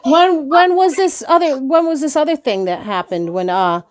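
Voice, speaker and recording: A woman's voice: high-pitched, expressive, normal speed, slight background noise. A woman asking probing questions in a casual conversation, mostly brief replies. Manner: probing, short questions and backchannels.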